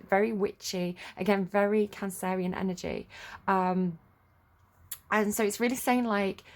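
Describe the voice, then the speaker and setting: Rambling, gravelly-voiced woman tarot reader. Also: medium pitch. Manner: chatty, rambling, many fillers. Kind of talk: casual tarot reading monologue.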